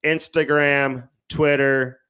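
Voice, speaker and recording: A man's voice: mid-range voice, flat delivery, slow pace, sharp tone, clean tone. A man co-hosting a podcast in casual chat, laid-back and chuckling through sponsor reads. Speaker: podcast co-host.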